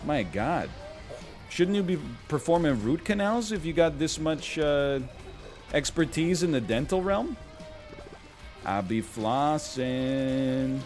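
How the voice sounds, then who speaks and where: A man's voice: a little high, expressive, measured pace, darkish tone, soft background music. A man in his thirties chatting casually on a live stream while gaming, rambling and self-mocking with a wry tone.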